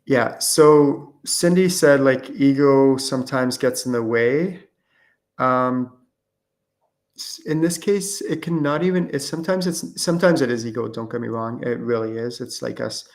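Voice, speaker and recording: A man's voice: mid-range voice, measured pace. A man hosting a live-streamed question-and-answer show, talking casually with lots of fillers and false starts. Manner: casual, rambling with many fillers and restarts. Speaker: host and spiritual channeling teacher.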